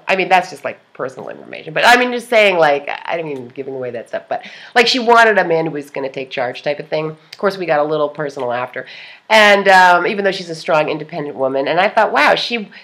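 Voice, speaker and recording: Chatty laughing woman, lowish voice. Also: fairly bright tone. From part Lithuanian. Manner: chatty, jokey, laughs often, many fillers. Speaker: vlogger. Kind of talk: casual rambling vlog.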